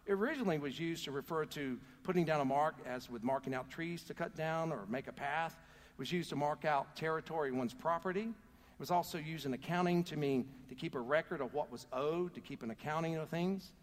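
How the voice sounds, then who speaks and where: The voice is on the high side and brisk: a pastor earnestly preaching in a church and prompting the congregation to call back responses. The recording has a long hall reverb.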